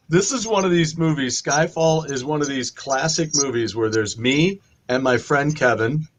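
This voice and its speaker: A man's voice: fairly high pitch, slight background noise. A man co-hosting a casual chat show, telling stories animatedly and acting out quotes in other voices. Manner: animated storytelling, acts out quotes. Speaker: podcast co-host.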